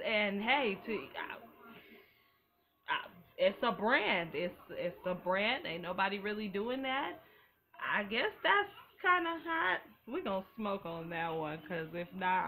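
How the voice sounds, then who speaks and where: Woman host, bright and animated, slangy recap chat. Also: mid-range voice, a little hiss or hum. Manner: animated and profane, full of slang. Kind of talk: casual recap commentary.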